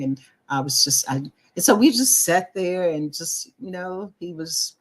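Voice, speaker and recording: Middle-aged lady chatting on a talk show, lowish voice, animated storyteller who acts out what people said. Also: a little slow, hardly any pauses. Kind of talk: casual chat, personal storytelling.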